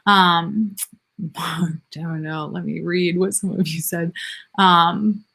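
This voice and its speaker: This woman's voice is low, husky and gravelly with a sharp edge, delivered slowly in a steady tone. She's a nurse practitioner in her thirties answering viewer comments in a live Q&A, chatting candidly, making fun of herself, and laughing often.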